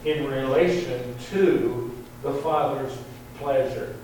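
A man preaching a sermon, slow and deliberate, lifting his voice on quoted verses. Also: medium pitch, a little mellow. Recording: very echoey hall, distant mic, faint hum.

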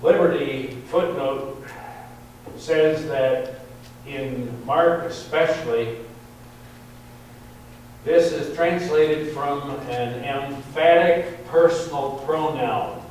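A man preaching a sermon, slow and deliberate, lifting his voice on quoted verses. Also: mid-range voice, fairly even intonation, darkish tone. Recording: very echoey hall, distant mic, faint hum.

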